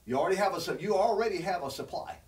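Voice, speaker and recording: A man's voice: high-pitched, expressive, racing, a little mellow, recorded from a distance. A man preaching a sermon, teaching from scripture in an earnest, conversational way that rises when he presses a point. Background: congregation responding.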